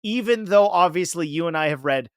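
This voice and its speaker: Male podcast host, slightly high voice, rambly, dry close sound. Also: lively intonation, brisk, clean tone, no room sound. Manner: rambling, searching for words. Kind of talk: casual podcast discussion.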